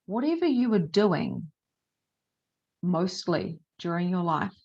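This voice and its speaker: A woman leads an online class in a chatty, animated way. Her voice sits a little low and she laughs easily. The audio is dull and lo-fi, like a streamed session. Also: slow, vocal fry, long pauses, husky. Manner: animated, chatty, laughs often, swears casually. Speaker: spiritual teacher. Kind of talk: live online masterclass talk.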